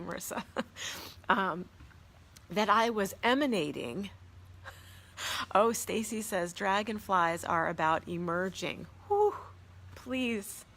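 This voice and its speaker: A woman's voice: mid-range voice, a bit bright, a little hiss or hum. A woman hosting a spiritual live stream, telling a personal story to viewers in an earnest, reverent, awed way and reading out their comments.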